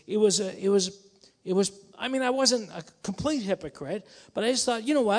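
A man preaching a sermon in a conversational, musing way that rises to emphatic bursts. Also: high voice. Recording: long hall reverb.

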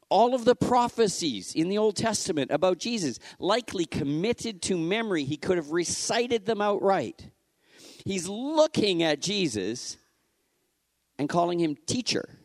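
A man preaches in a relaxed, conversational way, his pitch rising and falling freely. He talks like he is chatting with the congregation. The sound is dry, with no room echo. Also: a little slow. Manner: animated, casual, acts out the scripture quotes. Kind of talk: conversational sermon.

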